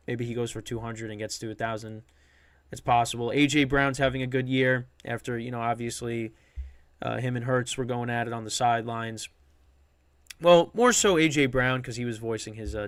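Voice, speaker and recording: A man's voice: medium pitch, fairly bright tone, smooth, no echo. A man hosting a sports podcast, talking loosely and unscripted with many restarts and fillers. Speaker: podcast host. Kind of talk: casual sports podcast talk.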